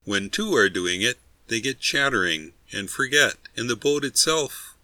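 A man narrating a humorous story in a steady, wry reading voice. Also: medium pitch, a little slow, dry recording.

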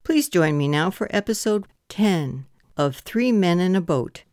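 Brief: woman presenter, smooth low-ish voice, formal announcing, dry studio sound. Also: animated, measured pace, a little mellow, no room sound. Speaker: audiobook series presenter. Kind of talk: scripted introduction.

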